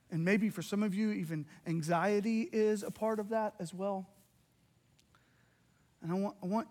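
A middle-aged man preaching a sermon as pastor, animated and emotional, acting out little dialogues. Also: high-pitched.

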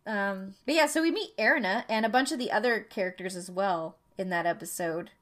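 A woman's voice: medium pitch, brisk. A woman hosting a casual chat, explaining at length with many fillers. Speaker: host.

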